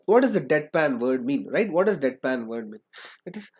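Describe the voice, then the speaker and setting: A man's voice: on the high side, big pitch swings, normal speed, a little hiss or hum. A young man gives an online lesson. He restates each point twice and tags "right?" or "yes or no?" onto his sentences to keep students engaged. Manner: repeats phrases, keeps asking "right?" and "yes or no?". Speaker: English teacher. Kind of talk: online lecture.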